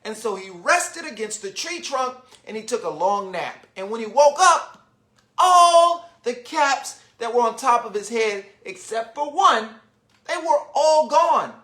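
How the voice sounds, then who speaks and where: A man reading a children's storybook aloud online, with animated, chatty asides to young listeners. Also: very high voice, a little slow. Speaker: children's book reader, literacy founder. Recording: roomy echo.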